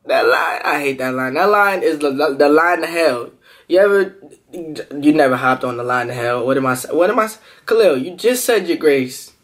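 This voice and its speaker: A man vlogging to camera, telling a story in a lively, animated way and jumping into quoted voices, with features. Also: on the high side, moderate pace. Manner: animated, jumps into quoted voices, laughs often. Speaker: food vlogger.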